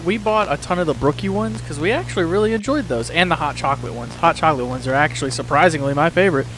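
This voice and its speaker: With a Southern accent from Mississippi, this man reacts live to horror videos, chatting casually, laughing often and reading their on-screen text aloud. His voice is a little high, expressive, quick and a bit bright, with faint music behind and poor audio quality.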